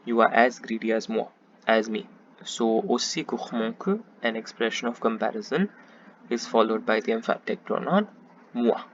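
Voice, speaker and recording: A man's voice: lowish voice, moderate pace. Patient man tutoring French grammar. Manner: patient, methodical, repeats each example in French then English. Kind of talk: explanatory grammar lesson. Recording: slightly muffled with faint background hiss.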